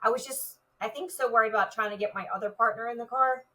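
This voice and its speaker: A woman with a bright, forceful voice tells a personal story as a guest on an interview show. She speaks vividly, filling her sentences with "like." Her voice sits a little back from the microphone. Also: fairly high pitch, fast, recorded from a distance, low-quality recording. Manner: vivid retelling with many "like" fillers. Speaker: retired police officer, guest.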